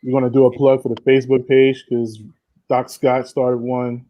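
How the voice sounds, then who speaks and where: A man who is a guest on a podcast, talking casually and explaining at an unhurried pace. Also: medium pitch, completely flat delivery, mellow, low-quality recording. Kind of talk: casual chat.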